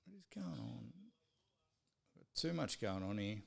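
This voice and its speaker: A man's voice: medium pitch, big pitch swings, measured pace, vocal fry, darkish tone, slightly rough. A man with an Australian accent hosting a live sports stream, swearing freely as he tells exasperated stories. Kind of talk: casual ranting chat.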